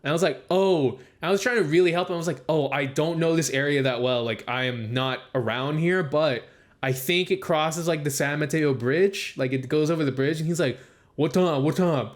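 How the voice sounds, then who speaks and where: A young man with a slightly raised voice tells a meandering story on a casual podcast. He leans on "like" constantly and slips into other people's lines when he quotes them. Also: fairly quick. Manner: rambling storytelling, heavy use of "like"; acts out quoted speech with raised pitch. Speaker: podcast co-host. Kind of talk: casual chat.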